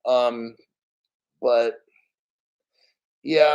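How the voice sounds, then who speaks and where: A man's voice: medium pitch, fairly even intonation, slow pace, pauses often, darkish tone, clear, resonant tone, poor audio. A man hosting a casual crypto stream, rambling bluntly and swearing freely. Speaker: crypto show host. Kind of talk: casual live-stream rant.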